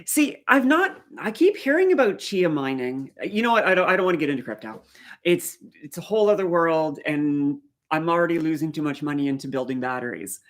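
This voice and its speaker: She's a middle-aged woman from Canada's Maritimes, faint accent and all, talking loosely on a live stream while replying to comments. Her low voice is expressive and a little fast.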